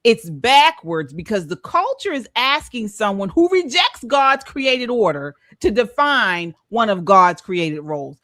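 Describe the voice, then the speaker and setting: A middle-aged woman hosts a casual commentary chat in an earnest tone, her pitch swinging widely as she talks. She often stumbles and restarts her phrases. The sound is dry and close. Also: very animated, unhurried, few pauses, a bit bright, dry recording. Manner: earnest, many restarts and repeated words. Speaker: host.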